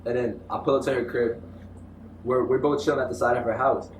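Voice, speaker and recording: A young man telling stories in casual interview chat, animated and full of slang. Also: medium pitch, brisk, slight background noise. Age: young adult. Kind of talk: casual storytelling. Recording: echoey room, mic from far off.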